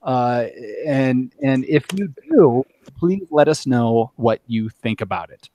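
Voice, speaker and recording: A man's voice: mid-range voice, expressive, takes it slowly, mellow, muffled recording. A man hosting a casual podcast, chatty and full of filler words. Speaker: podcast host.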